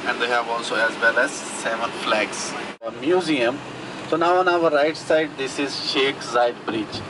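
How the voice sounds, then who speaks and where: A man serving as tour guide, explaining landmarks in plain, slightly non-native phrasing at a middle pitch. He speaks inside a moving vehicle, and the engine and road noise is clearly heard behind him.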